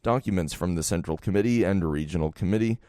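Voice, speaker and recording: A man narrating a nonfiction audiobook in a steady, measured reading voice. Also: deep voice, dry recording, studio quality.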